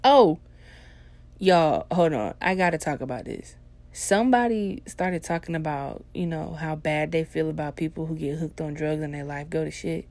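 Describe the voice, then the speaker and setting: Woman, lowish voice, blunt, swears constantly, animated rants, casual monologue. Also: moderate pace. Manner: blunt, heavily profane, swings into loud animated ranting.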